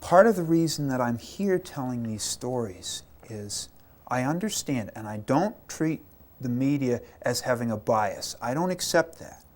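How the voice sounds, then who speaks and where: In an interview, an army chaplain shares war stories in a mid-range voice at a slightly slow pace. He's animated, performing quotes and repeating words as he does.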